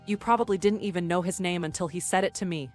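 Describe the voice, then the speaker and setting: A woman's voice: lowish voice, fast, a little mellow, soft background music, natural voice. A woman voicing a self-righteous older woman who keeps making accusations in a narrated story. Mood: accusing. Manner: accusing, bossy.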